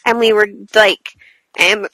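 A woman with a bright, fairly high voice, chatting casually as a podcast co-host. She trips over her words and laughs at her own slips. The sound is close and dry, with no room echo. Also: moderate pace. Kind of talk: casual chat and reading a book blurb aloud.

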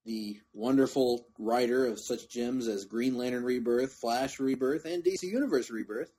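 A man's voice: mid-range voice, normal speed, mellow, slightly rough. A man hosting a podcast, chatting casually and restarting sentences as he goes. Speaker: podcast host. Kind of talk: casual chat.

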